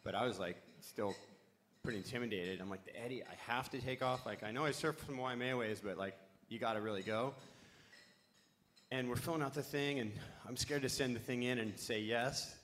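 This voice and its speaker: A man's voice: mid-range voice, a little fast, fairly bright tone, slight background noise. A middle-aged man on a live panel telling a long, rambling story, swearing freely and losing his thread.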